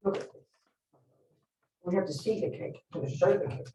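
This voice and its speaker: A woman's voice: mid-range voice, normal speed, mellow, far from the mic, a little hiss or hum. A Buddhist nun teaching a live workshop, speaking bluntly and emphatically and putting direct questions to her listeners. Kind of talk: teaching talk to a live group. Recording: roomy hall, speaker away from the mic.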